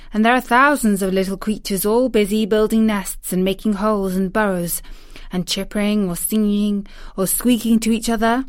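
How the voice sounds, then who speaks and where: A woman voicing a stubborn, outspoken young girl in a storybook reading, pitching her voice up to sound insistent. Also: no echo, studio quality, lightly acted.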